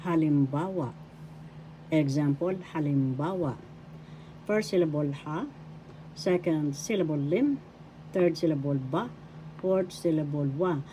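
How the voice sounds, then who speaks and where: Slow, low-voiced Filipino woman teaching. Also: dark tone, a little hiss or hum, low-quality recording. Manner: spells out words syllable by syllable, repeats slowly. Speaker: language teacher. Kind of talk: slow, deliberate language lesson.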